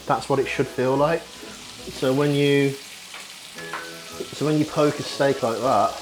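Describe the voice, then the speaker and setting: A young man talks his way through cooking in a home kitchen, chatty and rambling, with the odd casual swear. Food sizzles in a pan while music plays clearly behind him. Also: mid-range voice, poor audio. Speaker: vlogger. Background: frying sizzle and music.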